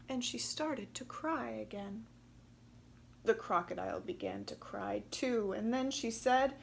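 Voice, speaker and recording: A woman reading a children's storybook aloud in an expressive, gently emphatic way. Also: a little high, measured pace, vocal fry. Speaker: storybook reader.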